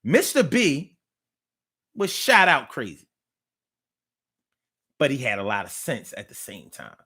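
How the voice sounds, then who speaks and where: Man, lively swooping pitch, bright voice, casual profane storyteller, online show host. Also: slow, husky. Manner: animated, profane, repeats phrases. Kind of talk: casual storytelling to live listeners.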